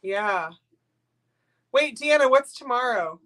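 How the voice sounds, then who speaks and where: A woman's voice: a little high, expressive, slow pace, fairly bright tone. Sniffly, gushing older woman host. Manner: rambling, gushing, emotional. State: sniffly from crying. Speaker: livestream host. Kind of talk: casual live-stream chat.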